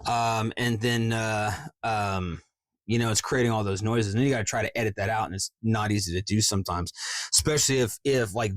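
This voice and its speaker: A man's voice: on the low side, dry recording. A man in his forties, a voice actor in a casual vlog, explaining script reading in a rambling, profane, self-mocking way. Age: 40s.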